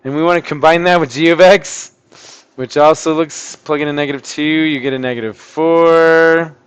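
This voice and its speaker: A man with a slightly high voice, talking through a math lesson for his online class. He thinks out loud in a chatty way and breaks into sudden surprised outbursts as he works the problems. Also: steady tone, moderate pace, smooth. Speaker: math teacher.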